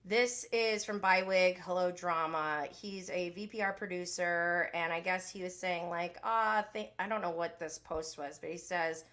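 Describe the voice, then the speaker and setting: A woman hosting a casual live recap show, chatting in an animated, gossipy way and reading viewer comments aloud. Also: lowish voice, a little slow. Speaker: podcast host.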